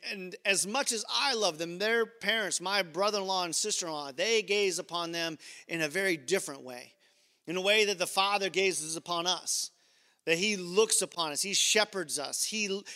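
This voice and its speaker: A man's voice: high-pitched, sharp tone, in a large hall. A man pastor preaching a sermon in a conversational way, with playful asides to the congregation.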